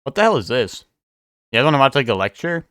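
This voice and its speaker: A man's voice: medium pitch, big pitch swings, fast talker, fairly bright tone, smooth, no echo, studio quality. A young man streaming live, chatting casually and rambling as he answers his chat.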